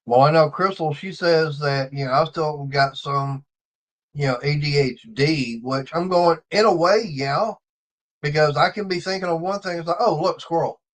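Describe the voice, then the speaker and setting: Guy with a high voice hosting a livestream, rambles thru stories. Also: normal speed. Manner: rambling storyteller, acts out quotes. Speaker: livestream host. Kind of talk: casual chat.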